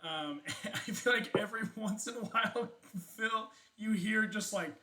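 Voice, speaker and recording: A man's voice: high-pitched, unhurried, pushed and bright. A man narrating as game master of a tabletop game, chatty, with many fillers and laughs.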